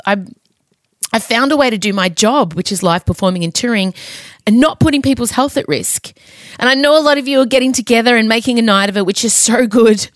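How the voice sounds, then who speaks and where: A woman's voice: a little high, no room sound, studio quality. A woman in her forties hosting a podcast in casual chat, candid, swearing freely and often getting emotional. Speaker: podcast host. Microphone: studio microphone.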